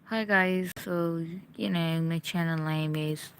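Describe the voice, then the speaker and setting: Slow, low-voiced young woman streamer. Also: fairly even intonation, a little hiss or hum. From India. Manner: chatty, talks straight to viewers. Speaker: live streamer. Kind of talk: casual live-stream chat.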